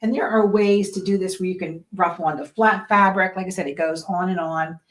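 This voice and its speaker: A woman's voice: on the low side, fairly even intonation, brisk. Chatty woman teaching a sewing class. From Western Pennsylvania. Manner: chatty, explains step by step with frequent "right?" and "okay?". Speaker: sewing instructor. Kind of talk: casual sewing tutorial.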